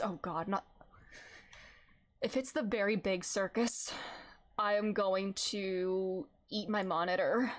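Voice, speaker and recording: A woman's voice: mid-range voice, slow pace, pauses often, soft background music. A woman streaming a video game playthrough, reading the lines aloud and joking at her own attempts at accents. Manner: self-mocking, laughs at her own accents.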